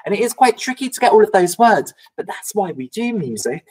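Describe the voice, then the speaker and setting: A woman's voice: mid-range voice, sing-song, brisk, a little mellow, breathy edge, poor audio. A woman who teaches music to young children, singing call-and-response songs and explaining them in a friendly, chatty way. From England. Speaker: primary school music teacher. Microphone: recorded at home for a video lesson.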